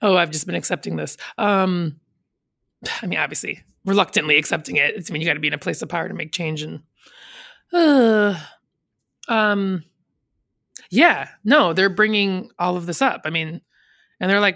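Low gravelly-voiced chatty woman. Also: a bit bright, no echo, clean studio sound. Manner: chatty, rambling, quick to laugh; mimics others in quoted voices. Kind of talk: casual chat.

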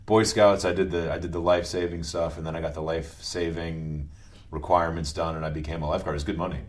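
A middle-aged man from New England, a podcast guest telling stories in a relaxed, halting way, often restarting his sentences. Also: low voice. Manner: relaxed, halting, restarts phrases, many murmured agreements. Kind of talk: conversational interview.

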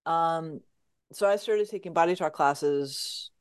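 A woman hosting a conversational podcast, her voice lower than most. She listens closely, then jumps in eagerly to share her own experiences in a casual way. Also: takes it slowly, clean tone. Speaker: podcast host.

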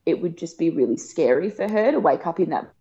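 A woman, telling a personal story in a casual chat, emotional and laughing often, acting out quoted lines in a higher voice. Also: expressive, fairly quick, mellow. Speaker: guest. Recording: dull lo-fi podcast sound.

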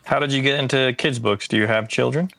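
A man's voice: mid-range voice, fast, vocal fry, fairly bright tone. A man hosting an arts podcast, asking questions in an easygoing, slightly rambling way. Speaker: podcast host. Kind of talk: casual interview questions.

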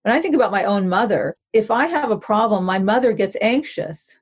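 Woman, therapist, husky, instructive, earnest, muffled recording. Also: medium pitch, lively intonation, a little fast. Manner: earnest, instructive, often checks in with okay. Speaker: therapist author. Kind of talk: explaining in an interview.

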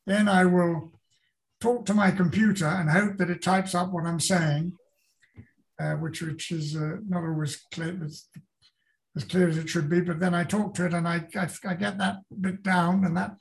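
Gravelly older British man, rambling. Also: sits high, little pitch movement, normal speed. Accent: British English. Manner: rambling, repeats words and restarts often. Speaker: author, guest. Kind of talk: casual interview chat.

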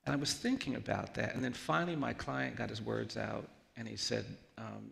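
Gravelly-voiced man telling a story in a hall. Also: medium pitch. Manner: earnest, slow storytelling with emotional hush and quoted voices. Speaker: guest speaker, lawyer. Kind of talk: personal storytelling on stage. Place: large event hall.

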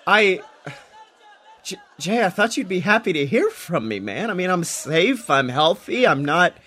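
A man's voice: high voice, sing-song, unhurried, sharp tone. A man acting in an audio drama, wisecracking but nervous and flustered. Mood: anxious.

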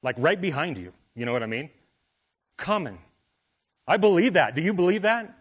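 A man's voice: on the high side, very animated, moderate pace, breathy edge, highs cut off. Conversational man preaching a sermon. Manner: conversational, rising and falling with emotion, asks the congregation questions. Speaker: pastor.

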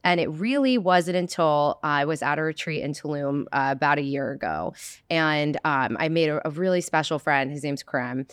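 A woman with a New Jersey accent hosting a podcast, expressive and drawing out her words in casual chat. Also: low-pitched, moderate pace, clear, resonant tone, dry recording, clean studio sound. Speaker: podcast host.

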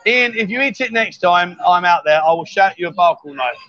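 A man's voice: sits high, expressive, a little fast, sharp tone. A man hosting a casual livestream from a bar, teasing his guests with jokey banter. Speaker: livestream host. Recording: dull lo-fi livestream audio.

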